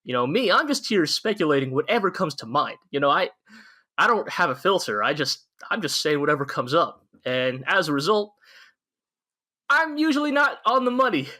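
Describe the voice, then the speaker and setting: A man co-hosting a podcast, chatting about an anime in an excitable, rambling way, with frequent restarts and swearing. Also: a little high, normal speed. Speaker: podcast co-host. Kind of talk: casual anime review chat.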